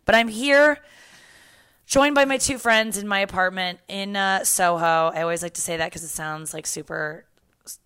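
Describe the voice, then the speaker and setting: A woman's voice: mid-range voice, normal speed, fairly bright tone, clear, resonant tone, no echo, clean studio sound. A young woman hosting a podcast from her apartment couch, chatting casually, laughing and swearing freely. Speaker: podcast host.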